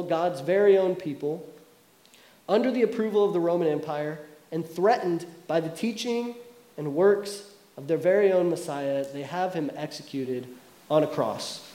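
A man's voice: high-pitched, dark tone. A man preaching a sermon in a casual, storytelling way, full of asides to the congregation. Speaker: pastor. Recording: echoey room.

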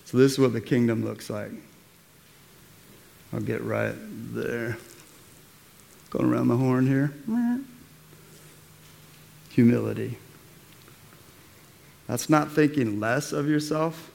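A man preaching a sermon in a church, keeping it casual and slangy. He rallies his congregation in a voice of middling pitch. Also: fairly even intonation, slow pace, vocal fry, long pauses, darkish tone. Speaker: pastor.

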